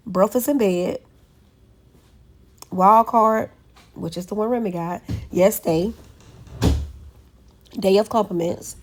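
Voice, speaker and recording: A woman's voice: medium pitch, darkish tone. A woman, telling a story to her viewers in a chatty, affectionate way and calling them baby. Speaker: vlogger. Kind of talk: casual vlog chat.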